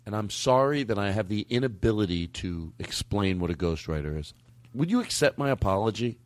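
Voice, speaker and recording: A man's voice: big pitch swings, fairly quick, no room sound. A man hosting a comedy podcast, rambling and cutting himself off as he improvises bits with his guest. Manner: rambling, self-interrupting, bursts into high-pitched bits.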